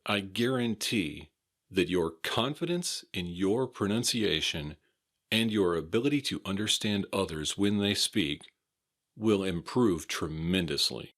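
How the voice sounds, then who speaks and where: American man, very deep voice, slow and deliberate, pronunciation drills, spells words out. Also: expressive, fairly bright tone. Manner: repeats words deliberately and spells them letter by letter. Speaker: English pronunciation teacher.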